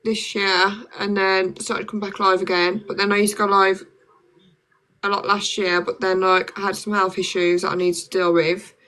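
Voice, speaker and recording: A woman's voice: medium pitch, flat delivery, moderate pace, fairly bright tone. A young woman with a Black Country accent, chatting casually on a phone livestream and filling her talk with "like". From Birmingham, England. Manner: chatty, lots of "like" fillers.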